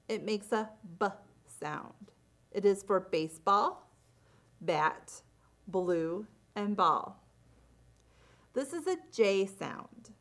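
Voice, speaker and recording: A woman gives a phonics lesson at a very unhurried pace. She enunciates every letter sound and example word clearly, her pitch rising and falling in a lively way. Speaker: teacher. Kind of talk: slow, deliberate phonics instruction.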